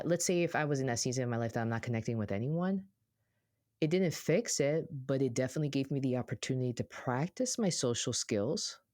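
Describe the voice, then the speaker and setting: A therapist co-hosting a podcast, chatting casually and telling everyday stories with lively acted-out quotes. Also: mid-range voice, dry recording, studio quality. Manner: animated storyteller who acts out quoted voices.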